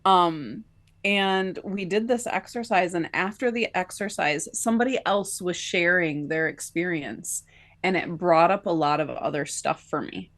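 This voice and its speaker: A woman co-hosting a podcast tells a personal story in an easy, conversational way, peppering her talk with filler likes. Her voice sits a little low for a woman. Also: unhurried, a bit bright. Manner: chatty, many filler likes, laughs between phrases. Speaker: podcast co-host.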